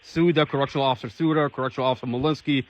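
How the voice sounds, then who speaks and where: A man's voice: mid-range voice, steady tone, rapid-fire, highs cut off, very noisy. A man urgently encouraging a caller, emphatic and rallying as he lists who is watching.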